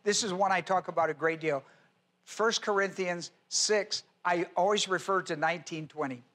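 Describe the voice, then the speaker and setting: Emphatic high-voiced male pastor. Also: moderate pace, bright, forceful tone. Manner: reads scripture aloud and spells out Greek words. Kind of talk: expository Bible teaching sermon.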